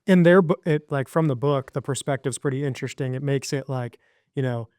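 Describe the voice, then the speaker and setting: Male podcast talker with a smooth, clear voice at mid pitch, recorded dry, loose and chatty. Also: a little fast, no echo. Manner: animated, filler-heavy storytelling with lots of likes. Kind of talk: casual podcast conversation.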